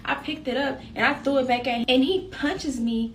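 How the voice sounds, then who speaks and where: A young woman tells a personal story straight to her viewers, animated and direct. Her voice sits a little high. She sounds set back from the microphone, with a faint hum of room noise around her. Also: brisk, distant mic. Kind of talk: casual storytime.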